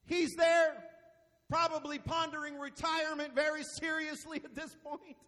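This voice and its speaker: A man who is a pastor preaching a sermon, with many "uh" fillers and bursts of shouting that drop back quiet, recorded in a church with a long reverb. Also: extremely high pitch, level tone, moderate pace.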